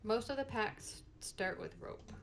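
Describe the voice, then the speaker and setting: A woman playing a tabletop game, quickly and helpfully explaining rules. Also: a little high, lively intonation, creaky, slight background noise. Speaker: player. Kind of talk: casual tabletop play.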